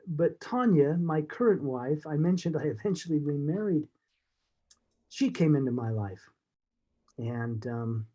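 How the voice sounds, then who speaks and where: Man telling an emotional story, kinda high voice, warm, halting with lots of restarts. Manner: halting and heartfelt, with fillers and restarts. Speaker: interview guest.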